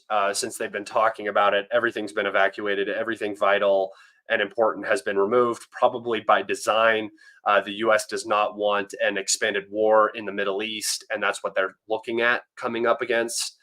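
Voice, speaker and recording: A young American man talks through a casual livestream in a fairly low voice. He rambles, stops and restarts his sentences, and fills the gaps with ums and uhs. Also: pushed and bright. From United States. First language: English. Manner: rambling, many fillers and restarts. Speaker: livestream host.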